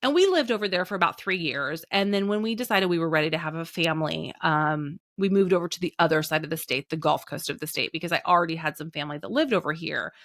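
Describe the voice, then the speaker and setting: A woman's voice: low voice, fast talker, few pauses, a bit bright, no echo, clean studio sound. A woman in her thirties from the American Midwest telling stories in a chatty conversational way, full of fillers and acted-out quotes. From Indiana, American Midwest. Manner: chatty, lots of "like" fillers, acts out quoted voices. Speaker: business owner and guest. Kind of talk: conversational storytelling.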